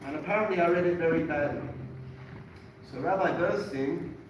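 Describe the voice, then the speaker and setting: A man's voice: on the high side, moderate pace. Earnest male teacher in an echoey hall. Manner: earnest, animated, self-correcting repetitions. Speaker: teacher giving a Torah class. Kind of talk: lecture with personal storytelling. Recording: echoey room, far from mic, noisy.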